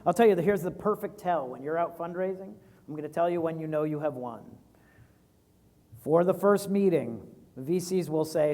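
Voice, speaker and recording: An animated man in his forties talks casually about investing and acts out little quoted exchanges. His voice sits high, and it rings in a big echoey hall. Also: moderate pace. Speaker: venture capitalist guest. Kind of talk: animated fireside chat.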